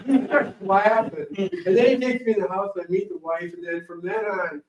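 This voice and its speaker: A man speaking as a guest to an audience, telling rambling, animated stories. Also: sits high, moderate pace, hardly any pauses, background noise. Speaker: guest speaker, morel hunting champion. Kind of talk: casual storytelling talk to an audience. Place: library meeting room. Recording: roomy, distant, dull room recording.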